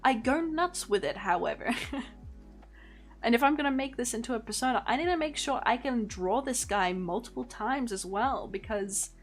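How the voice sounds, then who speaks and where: A young woman streaming as a VTuber, chatting casually in a rambling way, laughing often and swearing offhandedly. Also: mid-range voice. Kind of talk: casual livestream chat.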